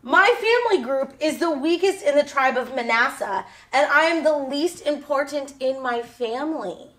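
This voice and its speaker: A woman's voice: sits high, expressive, normal speed, fairly bright tone, distant mic. A woman voicing a nervous, unsure young man in a Bible story for kids, talking in a casual, pleading way. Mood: anxious.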